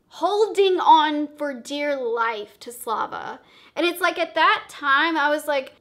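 A young woman tells a storytime vlog in a dramatic, profane way. Her voice sits high and sounds bright and sharp. She jumps between loud outbursts and quiet, confiding asides. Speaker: vlogger.

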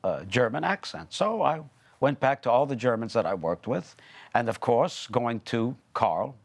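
Older male guest, former opera singer, animated and chatty, mid pitch. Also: measured pace. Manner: chatty, rambling, with many restarts. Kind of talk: TV interview conversation.

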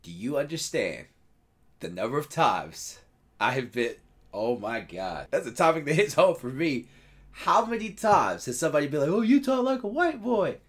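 A man hosting a reaction video, giving casual, animated commentary and laughing often. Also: medium pitch, normal speed.

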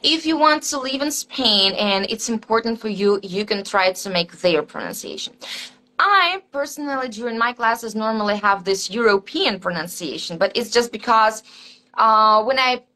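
Female teacher as interview guest, bright, sharp voice, patient explaining, frequent fillers. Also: a little high, animated, moderate pace, poor audio. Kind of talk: casual interview answers.

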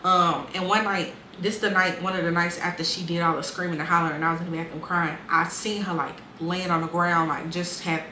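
Blunt, animated young woman. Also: on the low side, fairly quick, few pauses. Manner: animated, blunt, swears freely, quotes people in dialogue. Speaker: vlogger telling her life story. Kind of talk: casual storytelling to camera. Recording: echoey room with faint ambient noise.

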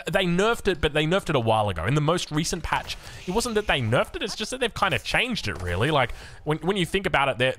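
A young Australian man gives casual commentary on a strategy game, chatty and jokey, with a bright, forceful voice that swings widely in pitch. He rambles, circles back and cuts himself off mid-thought. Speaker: game caster.

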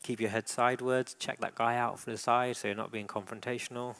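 A man giving a live dog-training demonstration, calmly narrating a dog's behaviour and encouraging the owner. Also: medium pitch, fairly quick. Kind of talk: presentation with live coaching. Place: indoor event hall.

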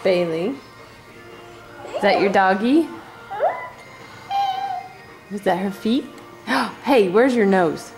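A woman's voice: mid-range voice, expressive, takes it slowly, pauses often, darkish tone, soft background music. A mother at home filming her toddler on a handheld camera, coaxing him in a sing-song baby-talk voice. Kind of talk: home video, talking to a toddler. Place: at home indoors.

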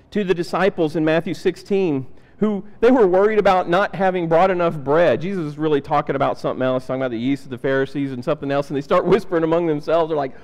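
High-voiced preacher in an echoing church. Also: male voice, quick pace, a little mellow. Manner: conversational, acts out Bible characters' lines. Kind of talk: sermon. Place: church sanctuary. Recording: reverberant church hall.

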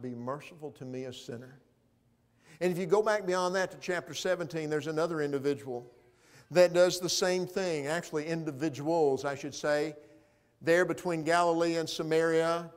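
A man preaching a sermon in a church, moving between loud proclaiming and quiet, hushed appeals. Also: fairly high pitch. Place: church sanctuary.

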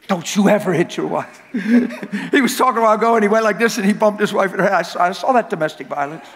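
A man with a high voice preaches a sermon in a church sanctuary. He tells stories with a lot of repetition and swings from quiet asides to loud shouts. His voice trails off into a long, echoing hall reverb. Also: fast, slight background noise. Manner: animated, repetitive storytelling that swells to shouting.

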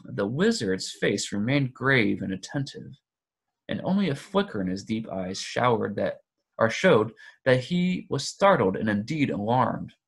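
Gravelly-voiced man reading a novel aloud. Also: medium pitch, sing-song, measured pace. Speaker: audiobook reader.

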